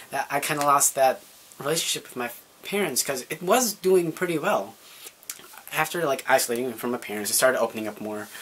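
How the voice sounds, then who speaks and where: Bright, husky-voiced young man vlogging. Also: mid-range voice. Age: young adult. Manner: chatty, lots of fillers, acts out quoted voices. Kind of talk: casual personal storytelling.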